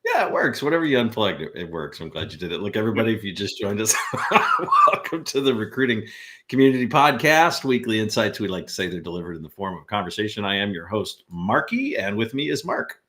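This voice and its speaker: Jokey, low-voiced male podcast host. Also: big pitch swings, fast, a bit bright. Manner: jokey, laughs often, rambling asides. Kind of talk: casual podcast chat.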